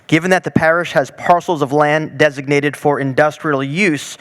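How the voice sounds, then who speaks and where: A man with a slightly higher voice moderates a candidate forum. He moves things along briskly and drops in the odd light joke as he introduces the candidates and reads out the questions. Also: fairly bright tone. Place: large hall, public forum.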